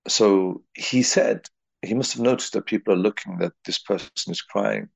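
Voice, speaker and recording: A man's voice: on the low side, moderate pace, creaky, husky, dry recording. A man from England giving a reflective spiritual talk, telling a personal story and weaving in Arabic and Urdu religious terms. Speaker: religious teacher.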